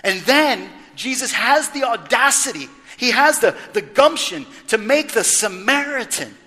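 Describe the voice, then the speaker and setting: A man preaching a lively sermon, emphatic and full of rhetorical questions. His voice sits high and rings bright. The sound carries the long reverb of a church sanctuary. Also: a little slow. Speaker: pastor.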